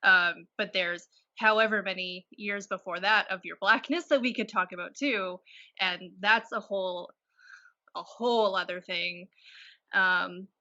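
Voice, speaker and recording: Bright-voiced woman hosting a chat podcast. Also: medium pitch, fairly even intonation, a little slow, dry recording, highs cut off. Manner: casual and encouraging, with easy laughs. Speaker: podcast host. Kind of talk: casual interview chat.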